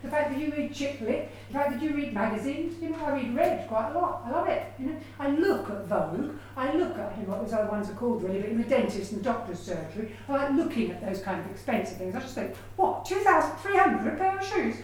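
A woman giving a lively, chatty lecture on her research, with personal asides. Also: a little high, fast, few pauses, roomy sound. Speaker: education researcher giving a talk. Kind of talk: lecture presentation.

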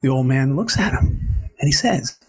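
A man in his forties, an animated guest telling stories in a conversational interview. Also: mid-range voice, moderate pace, slightly rough. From Canada. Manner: animated, expressive storyteller.

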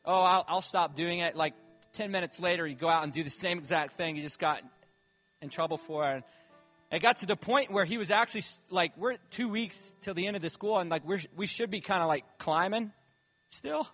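A man's voice: sits high, fairly quick, fairly bright tone. A man, a church leader, telling a story in a sermon, casual and rambling with lots of fillers. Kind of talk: sermon testimony. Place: church hall. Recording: reverberant hall with music behind.

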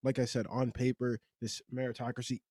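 Mellow-voiced man hosting a podcast. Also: medium pitch, flat delivery, fairly quick, dry recording, clean studio sound. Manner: conversational, rambling, frequent restarts. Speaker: podcast host. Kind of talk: casual podcast discussion.

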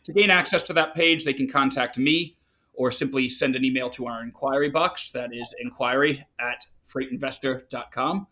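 A man's voice: mid-range voice, sharp tone. Affirming male podcast host. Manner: affirming, quick agreement, frequent fillers. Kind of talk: casual podcast chat.

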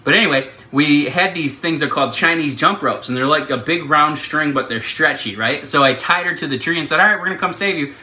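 Man, ministry leader, very bright tone, chatty storytelling, frequent laughs, casual fundraising talk. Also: on the high side, fairly quick, hardly any pauses. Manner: chatty, laughs often, many fillers.

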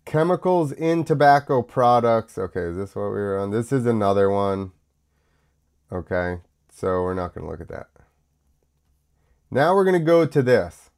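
A man's voice: lowish voice, animated, normal speed, long pauses, darkish tone, smooth. An American man hosting his own show, rambling through casual talk with many fillers, coughing now and then while sick. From United States. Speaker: podcast host.

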